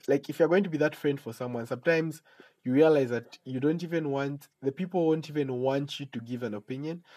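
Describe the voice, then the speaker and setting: A man hosting a casual solo podcast and giving chatty advice. He jokes as he talks, laughs at his own asides, and breaks into sudden animated outbursts. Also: poor audio. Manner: animated outbursts with sudden high pitch jumps. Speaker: podcast host.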